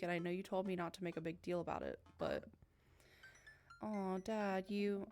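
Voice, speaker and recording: Woman gamer narrating a dating sim, fry in the voice, playful reads, light music bed. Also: on the low side. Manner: playful, voices several characters, laughs and tears up. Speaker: let's play gamer. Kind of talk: reading a dating game aloud with voices.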